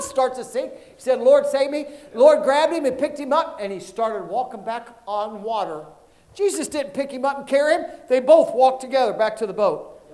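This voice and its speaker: A pastor preaching an animated sermon, acting out Bible stories and calling for amens from the congregation. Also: male voice, very high-pitched.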